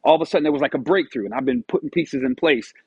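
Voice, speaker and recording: A man giving a casual motivational monologue, animated and storytelling, acting out his own past dialogue. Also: fairly high pitch, rapid-fire, slightly rough, no room sound, highs cut off. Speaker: motivational vlogger.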